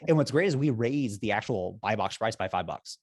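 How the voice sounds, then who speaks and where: A man with a slightly low voice speaks as an interview guest. He explains business strategy in an upbeat, persuasive way, asking himself rhetorical questions and chuckling often. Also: expressive, a little fast, darkish tone. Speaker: guest, repricing software founder.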